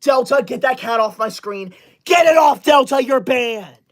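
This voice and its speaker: A man's voice: high voice, lively intonation, moderate pace, a bit bright. A man doing a prissy teacher's-pet streamer. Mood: indignant scolding. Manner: indignant, scolding, easily outraged. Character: prissy self-righteous schoolboy livestreamer, teacher's pet. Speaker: comedy sketch creator. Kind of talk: comedic character sketch.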